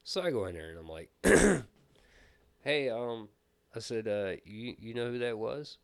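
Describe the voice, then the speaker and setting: A man chatting casually on a podcast, telling stories and reading trivia riddles aloud, getting animated when he quotes people. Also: mid-range voice, a little slow, creaky, clean tone. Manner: storytelling, animated when quoting others. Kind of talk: casual chat.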